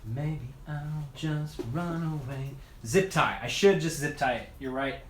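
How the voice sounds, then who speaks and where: A tired mountain bike video creator chats casually with his livestream audience, muttering to himself as he wrenches on a bike after hours of work. His voice is on the high side and unhurried. The room is echoey with faint noise.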